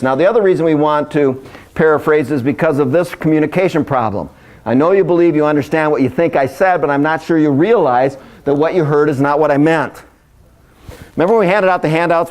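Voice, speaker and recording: A man with a fairly high voice presents a workshop to a live audience. He is upbeat and playful, tosses in jokes, and pulls the crowd in with direct questions. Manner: lively, joking, engages the audience directly. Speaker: workshop speaker.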